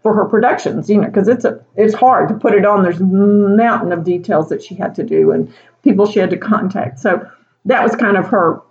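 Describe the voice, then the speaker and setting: Speaking fairly quickly in a darkish, mid-range voice, a middle-aged teacher chats her way through a casual anecdote, breaking into laughter between phrases and sprinkling in "you know" often. The audio is dull.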